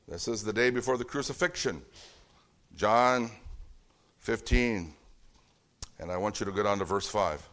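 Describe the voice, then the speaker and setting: A man's voice: on the low side, unhurried, pauses often, a bit bright. A man preaching a sermon in a conversational, storytelling way, acting out bits of dialogue in different voices. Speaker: pastor.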